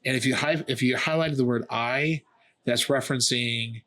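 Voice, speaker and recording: A man's voice: medium pitch, normal speed, fairly bright tone. Man, middle-aged, comedian guest, sarcastic storyteller, casual podcast chat.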